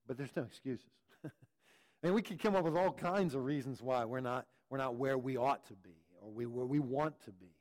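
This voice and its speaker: A man's voice: mid-range voice, moderate pace, a little mellow. A man preaching a sermon, teaching in an earnest way and often repeating words as he restarts. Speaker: pastor.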